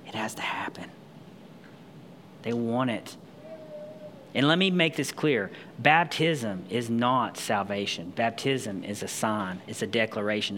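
A man preaching a sermon at a middle pitch, moving between read-aloud scripture and casual, emphatic explanation with quick restarts. A faint noise sits under his voice. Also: a bit bright. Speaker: pastor.

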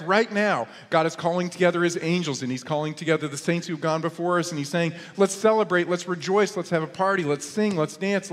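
A middle-aged male pastor preaching a sermon, telling stories with humor and rising into lively exclamations. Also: a little high. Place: church sanctuary. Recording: long reverb of a church hall.

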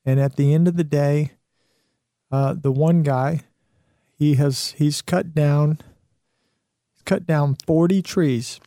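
A man's voice: a little high, steady tone, slow, long pauses, warm tone, no echo, studio quality. A man hosting a show, giving an earnest motivational talk with some restarts and fillers. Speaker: show host.

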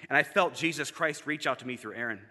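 Man, memorial tribute speaker, very bright slightly high voice, animated, long hall reverb. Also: fast talker. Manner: animated, building to emphatic peaks. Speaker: seminary student giving a eulogy.

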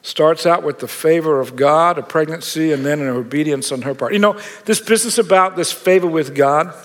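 A man's voice: on the high side, a little fast, in a large hall. A man preaching a sermon in a conversational, joking way with self-mocking asides. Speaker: pastor.

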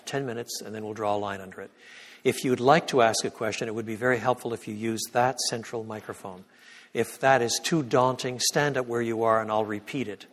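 Husky man lecturing in a reverberant church. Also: fairly low pitch. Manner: emphatic, swings from loud peaks to hushed prayer. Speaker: guest lecturer. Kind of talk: sermon-style lecture and prayer. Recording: long reverb of a church hall.

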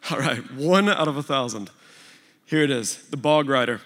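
A man telling a sermon story to a large church gathering, animated and swinging between loud and hushed delivery. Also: mid-range voice, normal speed. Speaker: speaker at a church recovery gathering. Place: large church hall before a big crowd. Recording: long hall reverb.

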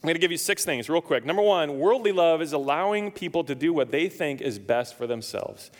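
A man's voice: fairly high pitch, expressive, fairly quick. A man preaching a sermon as pastor, telling stories with humor and acting out the dialogue for his congregation. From lived in Nevada, now Indiana. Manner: storytelling, acts out dialogue, jokes with congregation. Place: church. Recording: church sanctuary reverb.

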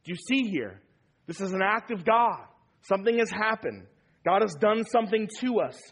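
A man's voice: high voice, sing-song, moderate pace, fairly bright tone, husky. A man preaching a sermon as pastor, emphatic and repeating key phrases for weight.

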